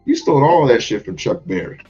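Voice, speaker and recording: A man's voice: mid-range voice, a little fast. A man commenting on a comedy clip in an emphatic, profane way. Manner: emphatic, profane, lively questioning. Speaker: reaction channel host. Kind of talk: reaction commentary. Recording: dull lo-fi with music under.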